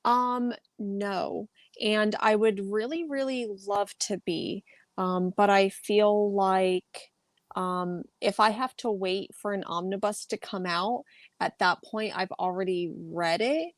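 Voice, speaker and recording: A woman's voice: medium pitch, steady tone, takes it slowly, no room sound. Earnest woman talking it through, many ums. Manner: thoughtful, earnest, frequent ums. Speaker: guest YouTuber. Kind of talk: casual chat.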